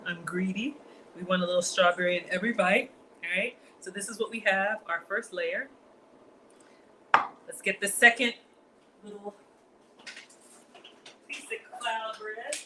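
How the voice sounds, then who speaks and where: In a noisy kitchen, a cooking vlogger shows how to make a dish, chattering casually to her viewers as "y'all." Her voice is mid-range and fairly bright.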